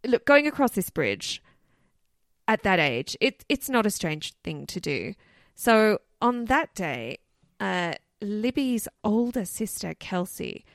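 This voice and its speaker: Her voice is lowish as she co-hosts a podcast, narrating a case in a chatty, loose style packed with "like" and "you know." It's casual storytelling chat, recorded at studio quality with no room sound.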